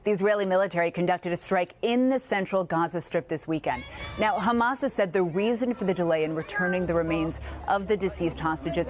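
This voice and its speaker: A woman foreign correspondent reporting live in a measured, steady way. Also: lowish voice, a little hiss or hum.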